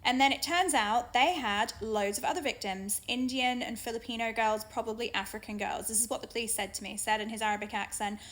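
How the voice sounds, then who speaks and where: A woman's voice: mid-range voice, fairly bright tone. A young British woman telling a personal story straight to camera in a frank, earnest way. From Britain. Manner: earnest, frank, with pauses and restarts. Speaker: vlogger.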